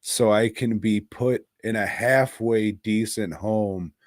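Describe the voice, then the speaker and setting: A man's voice: fairly low pitch, steady tone, takes it slowly, dry recording, clean studio sound. A man co-hosting a podcast, talking in a sardonic, gloomy and profane way. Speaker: podcast co-host. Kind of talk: casual podcast chat.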